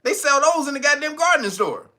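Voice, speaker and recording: A man's voice: very high voice, expressive, quick pace, bright, forceful tone, a little hiss or hum. A man doing incredulous, sarcastic commentary on a news story, laughing and swearing as he mocks the officials. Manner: mimics officials in sarcastic voices.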